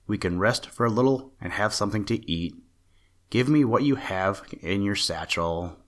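A man's voice: lowish voice, lively intonation, normal speed, a bit bright. A man voicing a kindly magic mannequin. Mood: instructing. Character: kindly magical little mannequin, male, commanding.

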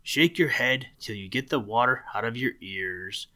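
A man voicing a gruff, self-satisfied old male muskrat doctor in a storybook reading, speaking severely and bossily. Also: mid-range voice, expressive, moderate pace, sharp tone. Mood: bossy. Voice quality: gruff, growling. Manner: severe and bossy.

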